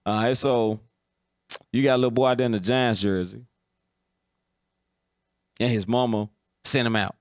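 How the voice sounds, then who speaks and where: A man's voice: mid-range voice, fairly even intonation, moderate pace, pauses often. A man hosts a casual football talk stream, blunt and opinionated. His voice sits mid-range. The recording is dry, with no room echo. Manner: blunt, opinionated, keeps asking "you understand?". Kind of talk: casual sports commentary.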